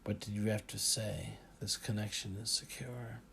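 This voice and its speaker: A man's voice: fairly low pitch, level tone, moderate pace, vocal fry, bright, forceful tone, slight background noise. A man reading a terse, secretive tech magnate. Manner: terse and clipped.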